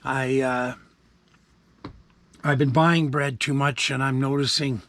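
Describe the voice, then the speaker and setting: A Canadian man in his 60s rambles casually to the camera in a laid-back vlog chat, full of fillers and asides. His voice sits at medium pitch with a level tone and a fairly bright quality, and he speaks slowly.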